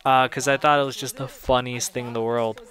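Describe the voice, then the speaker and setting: A man's voice: mid-range voice, level tone, brisk, fairly bright tone. A young man giving casual audio commentary on his own film, rambling and chatty, often laughing at his own jokes.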